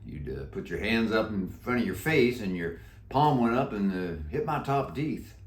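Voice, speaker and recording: A man voicing a slow, folksy old cowboy zombie with a deep, croaky drawl in a storybook read-aloud. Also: expressive, close to an everyday voice. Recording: echoey room.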